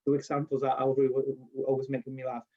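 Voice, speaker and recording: A man's voice: mid-range voice, fast talker. A man with a Spanish accent telling stories in a casual interview, acting out quotes and often restarting his sentences. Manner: animated storyteller, acts out quotes, laughs often, restarts and self-corrects. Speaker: university lecturer and nurse interviewee. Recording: dull lo-fi recording.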